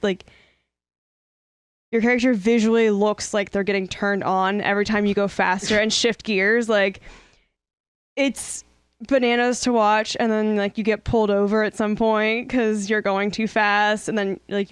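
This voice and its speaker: A woman co-hosting a podcast, giggly and rambling quickly. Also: mid-range voice, clean tone, no room sound, studio quality. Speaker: podcast co-host. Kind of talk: casual chat.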